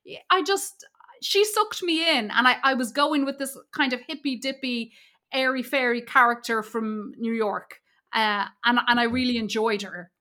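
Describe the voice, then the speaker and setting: A woman's voice: on the high side, normal speed, bright, forceful tone. A woman co-hosting a podcast, chatting casually and enthusiastically about films. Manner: enthusiastic, slips into airy mimicking voices. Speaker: podcast co-host. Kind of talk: casual film discussion.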